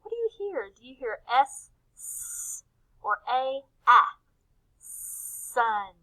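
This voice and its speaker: A woman with a high, bright voice leads young children through a phonics lesson. She speaks in a slow, sing-song way and draws out each letter sound. She stays gentle and encouraging, posing questions and then answering them herself. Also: big pitch swings, rough recording. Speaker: teacher.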